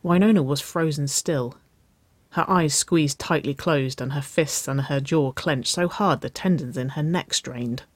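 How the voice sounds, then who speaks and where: Soft-spoken audiobook narrator. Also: medium pitch, unhurried, no room sound. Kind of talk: audiobook reading of fan fiction.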